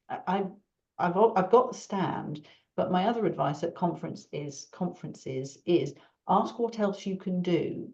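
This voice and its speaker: A woman, a marketing consultant hosting an online Q&A, chatty and animated, acting out small talk. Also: on the low side, vocal fry. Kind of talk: casual online Q&A. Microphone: video call. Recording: dull lo-fi video call audio.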